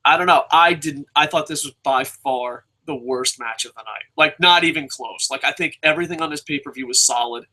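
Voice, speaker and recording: Bright-voiced, swearing wrestling reviewer man. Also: on the high side, fairly quick, hardly any pauses, poor audio. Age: adult with a son. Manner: rambling, swearing heavily, excitable. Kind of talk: casual profane rant.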